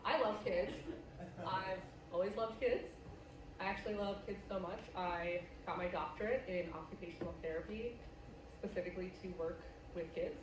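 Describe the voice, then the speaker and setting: A young woman from the US Midwest telling a stand-up story with brash, deadpan punchlines and plenty of swearing. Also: lowish voice, normal speed, far from the mic, noisy background. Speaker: stand-up comedian. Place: comedy club stage. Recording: roomy live club, loud audience laughter.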